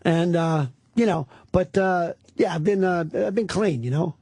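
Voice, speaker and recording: A middle-aged comedian guest on talk radio tells rambling, profane stories in casual banter as an animated storyteller. His voice is high, creaky and slightly rough, a little slow, with no echo.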